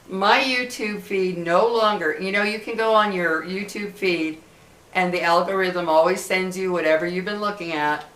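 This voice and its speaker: A woman's voice: on the low side, a little slow, a bit bright. Impassioned middle-aged woman vlogging in an echoey room. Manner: impassioned, repetitive, emphatic. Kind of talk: casual direct-to-camera talk.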